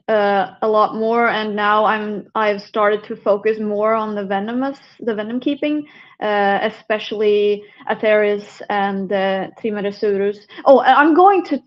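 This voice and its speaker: A woman from Sweden with a Swedish accent, a herpetologist talking casually as an interview guest, chatty and quick to laugh. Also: medium pitch, steady tone, highs cut off. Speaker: guest, herpetologist and venomous snake keeper.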